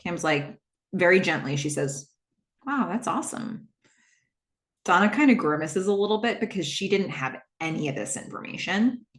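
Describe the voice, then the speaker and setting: A woman hosting a podcast who retells a TV episode in a casual, animated way and acts out the characters' lines. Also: lowish voice, fairly quick. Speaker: podcast host. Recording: roomy echo.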